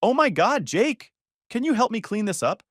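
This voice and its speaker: A man's voice: high-pitched, sing-song, normal speed, fairly bright tone, dry recording, studio quality, voice pushed up, heavily acted. A man voicing a dramatic, manipulative young woman, falsely sweet and then accusing, in a slightly raised voice. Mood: fake sweet.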